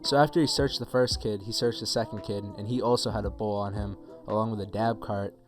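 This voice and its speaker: A young man with a low-pitched voice rattles off a story at a fast clip, loose and profane and full of filler words. Soft music plays faintly under him. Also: steady tone. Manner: rambling, profane, filler-heavy retelling. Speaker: vlogger telling a story. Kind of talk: casual story-time monologue.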